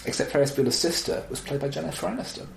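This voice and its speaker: A man chatting casually about films, animated and wry, with exasperated asides. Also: medium pitch, rapid-fire, gravelly. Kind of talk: casual film chat. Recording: roomy echo, faint background noise.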